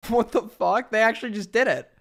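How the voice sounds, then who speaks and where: A man from New York streaming, reacting to a clip with animated, swearing, laughing commentary. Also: high voice, fairly quick, very noisy.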